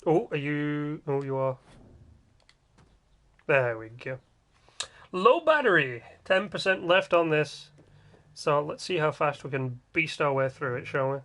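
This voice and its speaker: A man's voice: fairly high pitch, a little slow, pauses often, a bit bright. Joking exasperated male game streamer. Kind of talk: casual gameplay livestream commentary.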